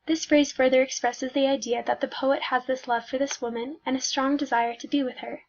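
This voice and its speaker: High-voiced woman reading a music analysis. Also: little pitch movement. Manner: careful, measured reading with slight slips. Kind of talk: read academic music analysis. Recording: dull lo-fi recording.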